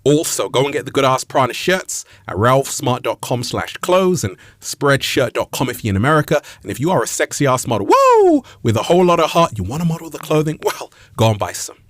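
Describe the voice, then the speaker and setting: A man's voice: medium pitch, lively intonation, brisk, hardly any pauses, dry recording, clean studio sound. A man who is a motivational speaker, closing a video with playful plugs and sign-offs. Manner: playful, swings from loud to whispers. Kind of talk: video outro with promos.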